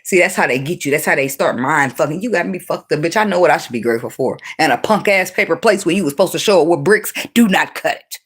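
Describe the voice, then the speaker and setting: A woman giving an unscripted tarot reading in a blunt, profane, animated way, breaking into laughs often. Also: low-pitched, quick pace, few pauses, breathy edge. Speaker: tarot reader.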